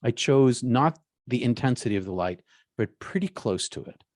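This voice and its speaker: A man, a guest in an interview, telling a personal story in a halting way, often repeating his words. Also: medium pitch, animated, dry recording, studio quality.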